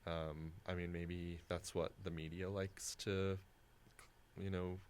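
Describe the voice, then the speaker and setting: A young man co-hosting a casual discussion podcast, his voice very deep and low. He thinks aloud in a halting way, filling gaps with "um" and "you know". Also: little pitch movement, darkish tone, slight background noise. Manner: thoughtful, halting, with many "um"s. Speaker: co-host.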